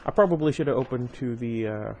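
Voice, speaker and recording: A man's voice: mid-range voice, fast talker, a little mellow, a little hiss or hum. A man casually reading a novel aloud at home, breaking off often for rambling side comments full of fillers. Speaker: reader of a book series.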